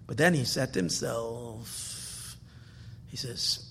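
A man, a rabbi, telling a story in a dramatic sermon style, swinging from shouts to hushed whispers. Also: mid-range voice, slow, gravelly, long pauses, a little hiss or hum. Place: hall at a Torah dedication. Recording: long echo of a hall.

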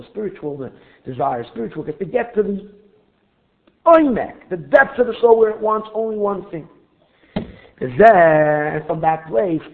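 A man's voice: high voice, vocal fry. A man teaching a Torah class, weaving Hebrew terms into English and translating each, and building to emphatic, fervent passages. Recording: tinny phone-like recording.

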